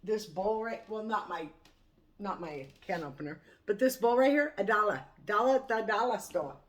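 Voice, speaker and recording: A woman's voice: medium pitch, normal speed. A woman vlogger chatting casually to camera over morning coffee, rambling and laughing often. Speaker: cooking vlogger.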